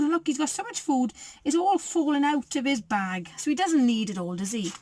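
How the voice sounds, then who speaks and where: A woman's voice: high voice, expressive, moderate pace. A woman, a primary school teacher reading a picture book aloud and asking the children questions. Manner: warm, encouraging, asks children questions.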